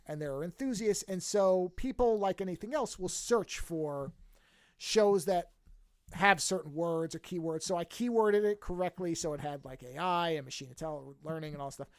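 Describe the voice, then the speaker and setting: A man's voice: a little high, no room sound, studio quality. A man co-hosting a podcast, talking in a rambling, self-amused way with many restarts. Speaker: podcast co-host. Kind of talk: casual chat.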